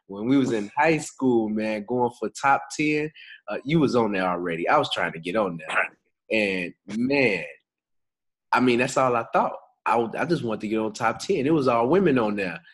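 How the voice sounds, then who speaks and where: A young man with a low, husky voice talks through a podcast topic in relaxed, slangy chat. He chuckles easily and keeps it loose and friendly. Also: low-quality recording. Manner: laid-back, slangy and chuckling. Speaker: podcast co-host.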